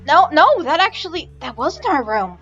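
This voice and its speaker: A woman's voice: sits high, big pitch swings, moderate pace, fairly bright tone, faint music behind, voice pushed up, full character voice. A woman voicing a flustered young woman artisan in a noticeably raised, breathless voice, on a slightly dull mic. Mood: anxious.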